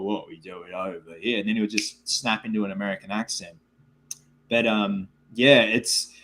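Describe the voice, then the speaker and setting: A man hosting a casual live-stream Q&A, rambling and chatty with lots of filler words as he reads viewer comments aloud. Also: fairly low pitch. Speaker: livestream host.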